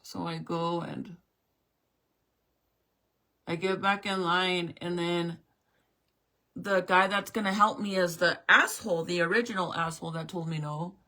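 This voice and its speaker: Woman venting a storytime to camera, bright sharp voice, swears a lot. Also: lowish voice, a little slow, long pauses. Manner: animated, swears often, acts out both sides of the talk. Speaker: vlogger. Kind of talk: casual storytime rant.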